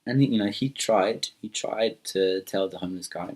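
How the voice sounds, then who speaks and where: A man's voice: on the low side, moderate pace, darkish tone. A man telling an improvised myth casually, rambling with many fillers and restarts. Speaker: storyteller. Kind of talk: improvised spoken storytelling.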